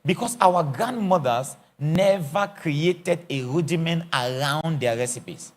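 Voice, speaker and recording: A middle-aged apostle from Africa teaches a church session as a lively sermon, animated and theatrical, acting out scenes and joking. His voice is on the high side and he takes it slowly.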